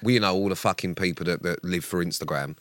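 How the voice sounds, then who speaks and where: Male podcast co-host, teasing and mock-serious, low and dry. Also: fast, a bit bright, no room sound. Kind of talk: casual chat.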